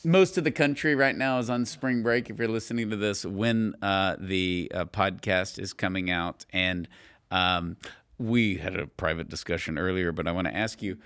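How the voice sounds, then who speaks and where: Young man hosting a podcast, from Texas, fairly low-pitched, jokey and quick to laugh. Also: fairly bright tone, clear, resonant tone. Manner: teasing, joking, quick to laugh. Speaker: podcast host. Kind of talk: casual podcast banter.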